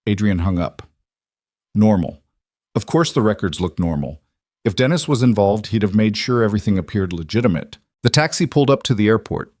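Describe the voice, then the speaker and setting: A male narrator reads a dramatic story in a steady, even manner. His voice sits on the low side and is recorded dry and close, with no room sound. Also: brisk, no room sound.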